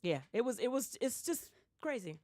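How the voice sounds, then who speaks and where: A woman guest singer with a Detroit accent speaks at normal speed in a laid-back radio interview. She's a vivid storyteller who acts out quoted voices with big pitch jumps, and the studio microphone delivers clean studio sound with no echo.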